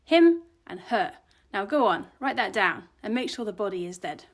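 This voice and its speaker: A woman's voice: medium pitch, big pitch swings, normal speed. A woman voicing a pompous middle-aged male police detective with a thick Austrian accent, talking down to everyone. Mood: impatient.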